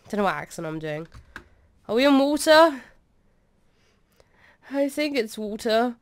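A young woman playing a game and commenting, excitable and swearing as she shouts orders at her troops. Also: on the high side, a little slow, pauses often. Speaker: gaming streamer. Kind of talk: let's play commentary.

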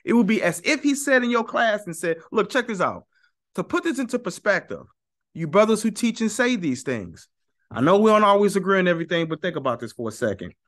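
This man's high, fairly bright voice swings widely in pitch and moves a little fast. Addressing viewers straight to camera, he offers heated, sarcastic religious commentary, emphatically repeating his points.

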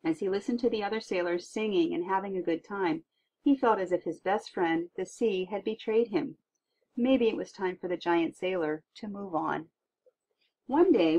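A woman reading a tall tale aloud in an expressive storytelling manner. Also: fairly low pitch. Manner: lively expressive read-aloud. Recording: dull lo-fi recording.

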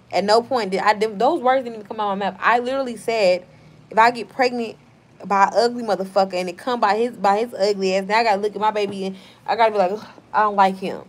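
A woman's voice: mid-range voice, quick pace. Blunt, foul-mouthed woman streamer. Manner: blunt, profane and heated. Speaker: live streamer. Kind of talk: casual live-stream chat, reading out comments.

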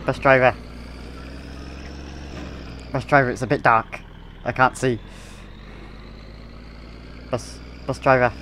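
A gaming video creator with a gravelly mid-range voice offers playful, casual commentary on his gameplay, giggling often and using a silly voice to tease a game character. A faint hiss or hum sits under the audio.

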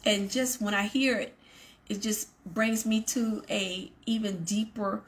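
A woman who hosts a ministry show gives an earnest devotional talk to her viewers, repeating her points for emphasis and making asides to the audience. Her mid-range voice is steady and a little slow, with a slight hiss or hum present.

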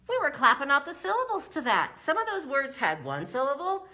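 A woman leading a preschool story time, reciting nursery rhymes slowly and encouragingly in a sing-song way. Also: sits high, big pitch swings, very noisy. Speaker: children's librarian.

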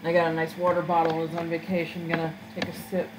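A woman's voice: low voice, completely flat delivery, fast talker, music in the background, low-quality recording. A woman chatting casually and making joking asides while she plays a video game. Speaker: let's-play gamer. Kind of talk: casual gameplay commentary.

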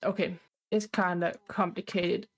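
A woman's voice: fairly low pitch, flat delivery, a little slow, low-quality recording. Rambling woman narrating gameplay. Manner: rambling, restarting mid-sentence. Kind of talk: casual game commentary.

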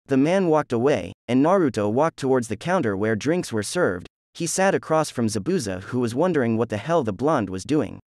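A man's voice: medium pitch, animated, normal speed, hardly any pauses, a little mellow, no echo, clean studio sound. A man narrating a fan fiction story in a crude, jokey storytelling manner.

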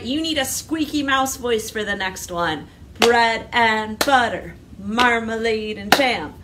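A woman leading a children's library storytime, singing a hello song and coaxing the kids to answer. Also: on the high side. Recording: distant mic with clear background noise.

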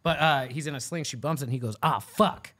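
Guy hosting a podcast, talks fast, swears a lot, dry close sound. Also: medium pitch, no echo. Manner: swearing, animated storytelling. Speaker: podcast host. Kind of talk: casual chat.

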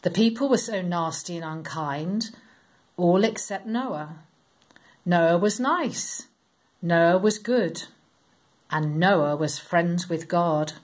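A woman reading a Bible story aloud to children, in a slow, expressive, sing-song storytelling manner. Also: on the low side.

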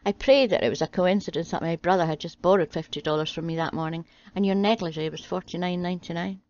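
Low-voiced woman reading jokes. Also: steady tone, fast, darkish tone. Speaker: channel host reading jokes. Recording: dry, slightly dull home audio.

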